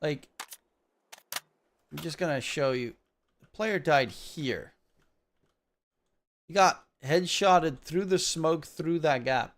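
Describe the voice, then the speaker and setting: A man casting an esports shooter match alone, rambling casually between calls and getting loud on the big plays. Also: fairly high pitch, takes it slowly, pauses often. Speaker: esports caster. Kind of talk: solo casting commentary.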